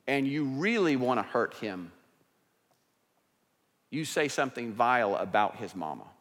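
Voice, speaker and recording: Pastor preaching in a reverberant hall. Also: male voice, mid-range voice, very animated, measured pace. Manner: conversational preaching, swings from hushed to emphatic. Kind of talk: sermon. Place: church sanctuary.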